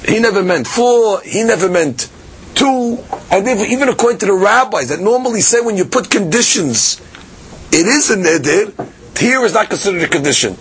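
A man giving a daily Talmud lesson, explaining in a lively conversational way with many fillers and restarts. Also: high voice, normal speed, slight background noise. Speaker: Talmud teacher.

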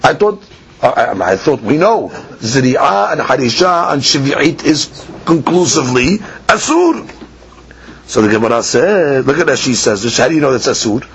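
A man teaching a Talmud lesson, chanting the text in a sing-song and then explaining it quickly, asking and answering his own questions. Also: medium pitch, very animated, slight background noise. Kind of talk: Talmud lecture. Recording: dull lo-fi podcast recording with faint ambience.

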